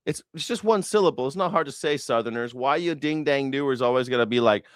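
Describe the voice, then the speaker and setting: A man's voice: mid-range voice, lively intonation, fairly quick, dry recording, studio quality. A man hosting a news reaction live stream, rambling in a profane, sarcastic way.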